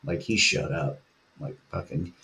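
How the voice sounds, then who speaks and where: A man's voice: low-pitched, measured pace, creaky, bright, forceful tone. A middle-aged man, host and band musician, in rambling, profane casual chat with lots of filler and laughter.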